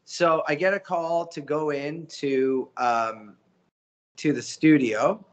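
A man, a voice actor telling stories as an interview guest, animated and slipping into character voices. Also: on the high side, slow. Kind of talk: casual storytelling interview.

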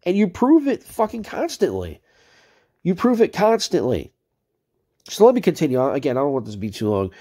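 A man with a somewhat high but mellow, dark-toned voice delivers angry commentary on chat messages he reads out. He rants hard and swears constantly, with the heat of a video creator calling someone out. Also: wildly swooping pitch, normal speed. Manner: heated, profane, ranting.

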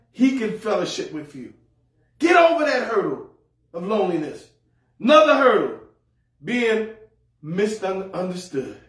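A man preaching a sermon as pastor, humorous and folksy, repeating words as he goes. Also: sits high. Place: church sanctuary. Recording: echoey hall, mic far off.

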